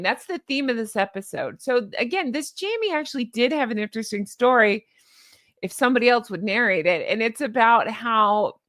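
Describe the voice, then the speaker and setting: A woman's voice: on the high side, a bit bright, dry recording, clean studio sound. Chatty, sarcastic woman vlogger. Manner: chatty and sarcastic, laughing at her own remarks. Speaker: YouTube commentator. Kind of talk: casual commentary vlog.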